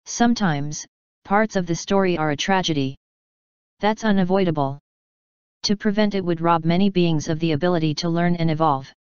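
A woman voicing a calm, wise female narrative spirit in a storybook reading, earnest and measured. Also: on the low side, clear, resonant tone, dry recording, highs cut off, natural voice.

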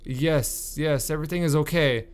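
A man reading the lines of a curt, bossy male ogre who runs a hotel in a horror game, in a near-normal, flat voice. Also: fairly high pitch, moderate pace, natural voice.

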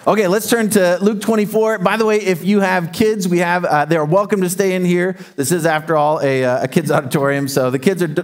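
Guy pastor preaching in a church hall, kinda high voice, lively storytelling. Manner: animated storytelling, calls out to the congregation. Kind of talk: sermon. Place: church auditorium.

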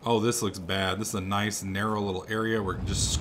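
A young man giving sarcastic, profane let's play commentary, swinging between muttering and excited shouting. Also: fairly low pitch, fast talker, hardly any pauses, a little hiss or hum. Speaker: gaming commentator.

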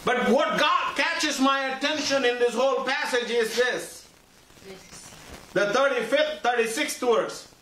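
High-voiced man preaching in an echoey church. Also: measured pace, pushed and bright. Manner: call-and-response preaching, asks congregation for agreement; repetitive, emphatic phrasing. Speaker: pastor. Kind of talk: sermon. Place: church sanctuary. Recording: echoey church hall, mic far off, faint hiss.

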